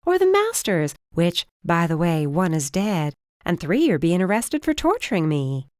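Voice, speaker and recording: A woman's voice: fairly low pitch, normal speed, no room sound, studio quality. Woman voicing a blunt, sarcastic young fire witch. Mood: defiant. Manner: flat, sarcastic.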